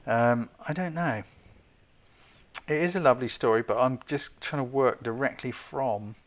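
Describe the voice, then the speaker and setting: Chatty male host judging photos on a live stream, self-deprecating, mid-pitched, keeps asking the audience. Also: fairly bright tone. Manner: self-deprecating, hedging critic. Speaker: host giving photo feedback.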